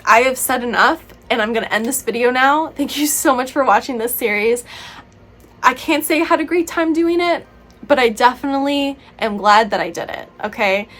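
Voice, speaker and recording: Speaking at a moderate pace, this book and film reviewer has a high, fairly bright voice. She chats casually to camera as a young vlogger, playfully opinionated and full of "like" and "you know".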